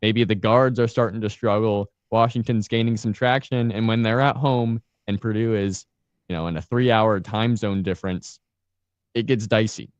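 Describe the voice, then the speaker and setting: A man co-hosting a sports podcast, working through scenarios step by step in a measured way. His voice runs a bit low. The recording is dry and dull, with a slightly lo-fi sound. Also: fairly even intonation, smooth, no room sound. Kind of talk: casual sports analysis.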